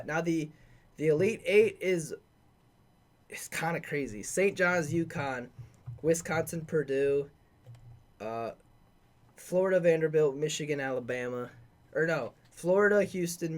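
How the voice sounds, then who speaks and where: His voice sitting a little high, a man hosting a sports podcast mulls over his bracket picks out loud. The delivery is casual and offhand, full of filler.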